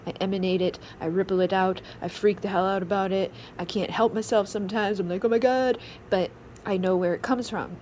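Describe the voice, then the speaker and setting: A woman's voice: medium pitch, darkish tone, low-quality recording. Woman tarot reader, casual and rambling, thirties, faint hiss behind. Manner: rambling, many fillers.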